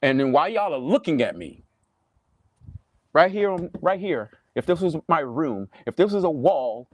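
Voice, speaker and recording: A Southern US preacher speaks to camera in a lively voice that leaps up and down in pitch. His pitch sits a little high for a man. He sounds dry and close, as if talking into a webcam on his desk. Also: normal speed, dry recording. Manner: animated, preachy, mocking impressions, repeats himself. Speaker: pastor. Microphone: webcam or phone on a desk, livestream.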